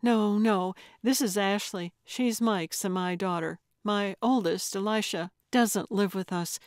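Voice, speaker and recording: A woman's voice: medium pitch, measured pace, darkish tone, no echo, studio quality, lightly acted. Woman voicing a scared, guarded younger woman. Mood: tearful.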